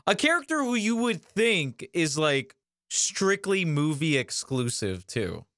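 A man's voice: a little high, sing-song, slow, fairly bright tone, no room sound. A man co-hosting a casual review podcast, joking in a dry way. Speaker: podcast co-host.

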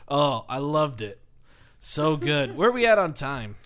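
A man co-hosting a podcast, casually telling an animated story and laughing often. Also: fairly high pitch, unhurried, slight background noise. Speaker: podcast co-host. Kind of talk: casual chat.

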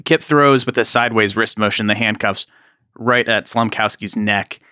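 A man narrating as game master of a tabletop game, with a bright, forceful tone. He describes the action in detail and drops quick apologetic asides. The recording is close and dry. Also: fairly low pitch, no room sound.

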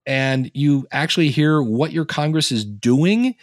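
A man's voice: fairly high pitch, a little slow, dry recording, studio quality. A man from Ohio, a podcast guest chatting casually and acting out the reactions he quotes. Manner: animated storyteller, acts out quoted reactions. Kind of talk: casual interview chat.

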